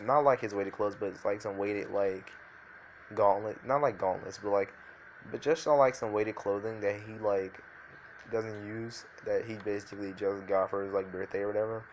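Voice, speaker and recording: Low-voiced man rambling through a story. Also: slight background noise. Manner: rambling, filler-heavy, frequent restarts. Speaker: fan fiction storyteller. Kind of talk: improvised story narration.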